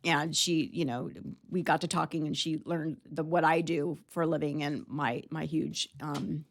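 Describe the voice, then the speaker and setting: A woman's voice: low voice, steady tone, moderate pace, creaky. A woman guest on a talk show, chatting casually and telling rambling anecdotes with plenty of fillers. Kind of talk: casual chat, storytelling.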